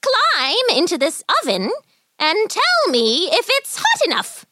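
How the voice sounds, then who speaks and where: A cruel, frail old witch from a storybook, barking orders in a sharp, shrill voice, as a woman narrator puts her on. The pitch sits high and pinched. The sound is close and dry, with no room around it. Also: huge pitch swings, takes it slowly, no echo, heavily acted. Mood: commanding.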